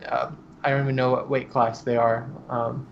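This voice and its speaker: Excitable swearing man on a dull mic. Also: mid-range voice, normal speed, creaky, a little hiss or hum. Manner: swears a lot, animated retelling. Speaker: podcast co-host. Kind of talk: casual chat.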